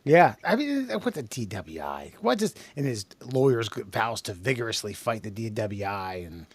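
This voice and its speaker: A man hosting a podcast in casual, profane chat, laughing quickly and restarting his sentences. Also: on the low side, sing-song, husky, dry recording. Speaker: podcast host.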